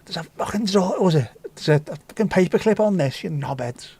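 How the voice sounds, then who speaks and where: An exasperated young woman coworker bursts out, swearing indignantly at the people who pranked her, with a man putting on her voice. Her voice sits well above his usual pitch. The sound is dry and close, with no room behind it. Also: expressive, brisk, warm tone, slightly rough, no room sound, full character voice.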